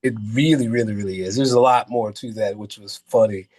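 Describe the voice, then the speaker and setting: A man's voice: on the low side, brisk, a little mellow. A man, a film producer and actor, speaking as a guest in a casual interview, telling earnest, rambling stories full of fillers.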